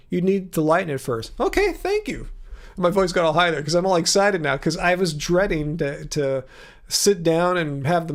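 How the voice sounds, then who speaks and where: A man with a fairly high, gravelly voice hosts a casual livestream from a studio lit with colored lights. Chatty and musing, he reads viewer comments aloud, reflects on them, trails off, and starts again.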